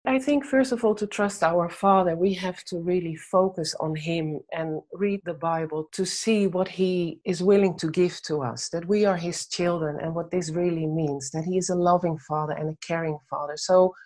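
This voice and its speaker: A woman giving gentle, measured answers in a faith-based conversation and telling a short story. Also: fairly low pitch. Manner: gentle, measured, tells stories. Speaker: guest speaker on faith and anxiety.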